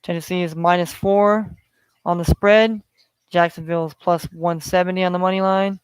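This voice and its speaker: High smooth-voiced podcast host. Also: male voice, little pitch movement, moderate pace, no room sound. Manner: rambling, filler-heavy. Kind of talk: solo sports betting talk.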